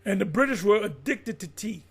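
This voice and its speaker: Gravelly high-voiced blunt preaching man. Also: expressive, moderate pace. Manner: blunt, profane, reads aloud and riffs. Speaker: religious teacher. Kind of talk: profane preaching commentary.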